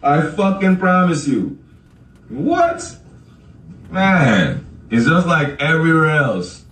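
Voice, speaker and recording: A man rants on his podcast in a somewhat high voice, swearing freely and breaking into laughter. He talks straight to his listeners, set back from the mic in a room that rings with echo. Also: animated, measured pace, a bit bright. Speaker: podcast host. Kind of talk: casual podcast rant. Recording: echoey room, far from the mic.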